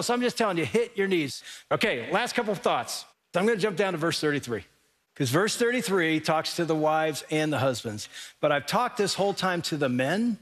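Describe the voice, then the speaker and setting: A middle-aged male pastor preaching a sermon, telling lively stories and speaking straight to his congregation in a large church auditorium. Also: a little high, fairly quick. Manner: animated storytelling, addressing the congregation directly. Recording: long reverb of a large hall.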